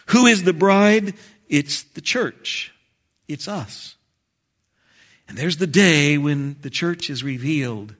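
Guy preaching in church, slow and deliberate, gets loud then drops way down quiet. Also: fairly high pitch. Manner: emphatic, swings from loud exclamations to quiet intensity. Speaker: pastor. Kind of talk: sermon. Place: church sanctuary.

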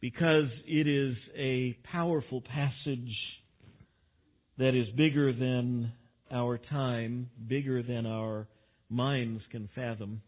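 Slow-spoken pastor, tinny phone-like sound. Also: male voice, medium pitch, steady tone. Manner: unhurried, folksy, with self-deprecating humor. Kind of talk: sermon.

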